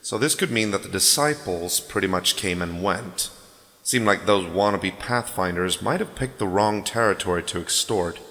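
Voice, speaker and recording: Male narrator for a roleplay story, low and wry, recorded with a long hall reverb. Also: normal speed, sharp tone. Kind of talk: scripted narration.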